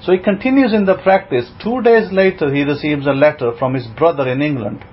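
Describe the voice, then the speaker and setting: Animated storytelling rabbi, high-set voice. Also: male voice, brisk. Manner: animated retelling with voiced quotes, laughs now and then. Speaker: rabbi teaching a congregation. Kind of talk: storytelling sermon. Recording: dull lo-fi sound with faint noise.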